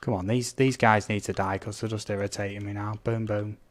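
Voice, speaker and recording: Male streamer, slightly low voice, casual running chat over gameplay. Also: fairly even intonation, brisk. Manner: chatty, reads out viewer comments, blurts game sound effects. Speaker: gaming live streamer.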